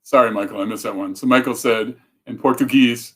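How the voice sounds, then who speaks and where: A man's voice: mid-range voice, steady tone, brisk, few pauses. A man hosting a casual livestream talk, chatty and rambling, often breaking off mid-thought to read comments. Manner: rambling, self-interrupting, chatty. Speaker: show host.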